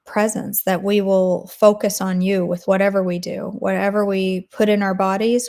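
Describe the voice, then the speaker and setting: A woman's voice: mid-range voice, vocal fry, a little mellow. A woman hosting a daily devotional, leading an earnest spoken prayer and then chatting casually with her listeners. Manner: earnest, intercessory, repetitive phrasing. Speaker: devotional host.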